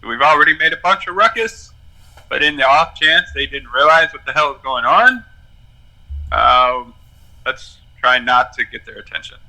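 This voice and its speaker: A man's voice: mid-range voice, moderate pace, sharp tone, rough recording. A man playing a tabletop game, laid-back and thinking his moves through aloud. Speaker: player. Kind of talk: casual tabletop play.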